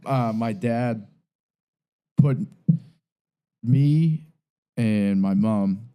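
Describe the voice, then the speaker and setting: A man's voice: mid-range voice, drawn-out words, clear, resonant tone. Man cracking himself up telling a story. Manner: laughs through his own story, animated retelling. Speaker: podcast guest. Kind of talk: casual storytelling.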